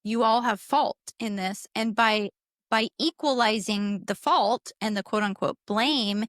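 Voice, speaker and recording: A woman's voice: mid-range voice, measured pace, a bit bright, no echo, clean studio sound. A woman co-hosting a parenting podcast in casual talk, direct and emphatic, jumping in to add points. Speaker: podcast co-host.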